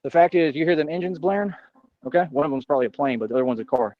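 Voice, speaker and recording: A man's voice: on the high side, lively intonation, very fast, dry recording, phone-quality sound. A man on a livestream ranting in a boastful, confrontational, rambling way.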